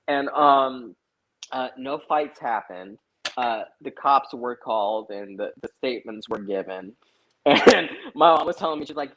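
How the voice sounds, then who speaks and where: A man's voice: mid-range voice, moderate pace, a bit bright, a little hiss or hum, low-quality recording. A young man, a guest on a live stream, telling a story in casual chat, swearing a lot and filling with "like". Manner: profane, lots of "like" fillers.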